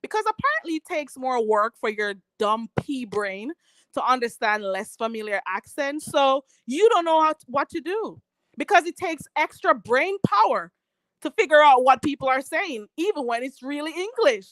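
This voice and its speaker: Jamaican lady ranting on her stream, sassy n mocking, high voice, dry close sound. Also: lively intonation, normal speed, fairly bright tone, no echo. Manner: sassy, mocking, calls others "child". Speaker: vlogger. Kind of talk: live-stream rant.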